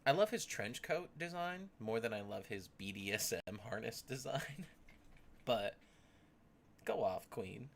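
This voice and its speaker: A man's voice: mid-range voice, expressive, a little slow, creaky, a little hiss or hum. A man streaming a casual reaction to a video, rambling and goofy, with jokey outbursts.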